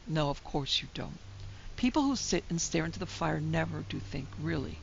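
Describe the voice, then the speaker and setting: A woman's voice: low voice, lively intonation, moderate pace, vocal fry, a little hiss or hum. A woman reading the part of a brusque, blunt young woman who scolds her friend impatiently, in a dull lo-fi recording. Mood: scolding.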